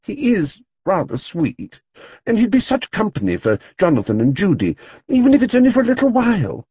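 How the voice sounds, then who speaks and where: A man doing a kind middle-aged mother in a storybook, eager and pleading but firm when it matters. The voice sits well above his own, husky and very lively. The recording is dull and dry. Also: high voice, a little fast, no room sound, pitched above the performer's own voice, heavily acted. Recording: dull, dry studio audiobook read.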